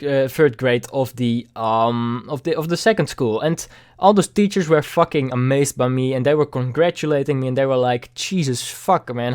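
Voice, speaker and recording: A young man vlogging a candid personal story, halting and repeating words, with casual swearing. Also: on the high side.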